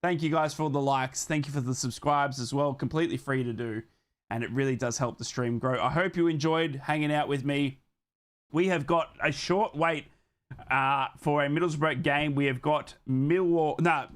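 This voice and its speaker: An Australian man hosting a live football watchalong, calling the match with loud fan excitement and giving slangy thank-yous to his viewers. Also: fairly high pitch, normal speed. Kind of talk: live fan commentary and stream sign-off.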